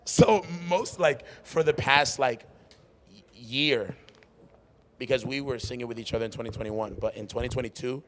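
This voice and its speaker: A man's voice: medium pitch, normal speed. A man hosting a casual live podcast in a warehouse-style venue after a worship show, rambling and laughing, with his voice nearly gone. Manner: excitable, laughs a lot, rambling. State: losing his voice. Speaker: podcast host and worship musician. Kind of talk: casual chat.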